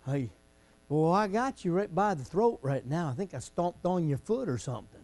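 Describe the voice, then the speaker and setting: A pastor who moves between folksy, chatty storytelling and shouted preaching. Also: male voice, on the high side, expressive, normal speed. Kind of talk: sermon.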